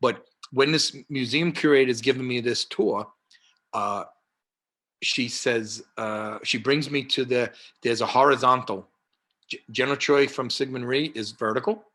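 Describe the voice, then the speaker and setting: A man's voice: medium pitch, unhurried. A man in his sixties with a New York accent, a guest telling rambling anecdotes full of fillers over a video call. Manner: rambling, many fillers and restarts, animated anecdotes. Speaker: martial arts historian guest. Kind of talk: casual storytelling interview.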